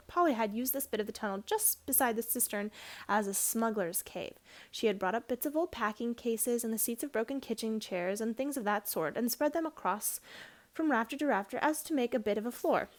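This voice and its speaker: Lady reading a kids' book out loud, slightly high voice, gentle and clear, fixes little slips. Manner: gentle, clear reading with occasional self-corrections. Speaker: storyteller reading aloud. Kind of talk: storybook read-aloud.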